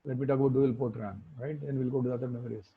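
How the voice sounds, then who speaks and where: Guy teaching a class online, husky voice, tinny phone-like audio, keeps asking "right?". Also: medium pitch, fairly even intonation, rapid-fire. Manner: explanatory, frequent tag questions. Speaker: instructor. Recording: phone-like muffled call audio.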